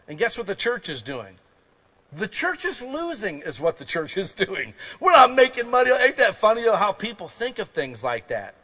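A man preaching a sermon as pastor in a folksy, conversational way, moving between quiet asides and loud emphasis. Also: sits high, huge pitch swings, normal speed.

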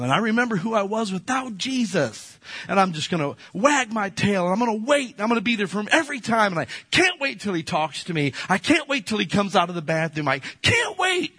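A man preaching a sermon as a pastor, folksy and animated, often slipping into playful quoted voices. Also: sits high, husky, no room sound.

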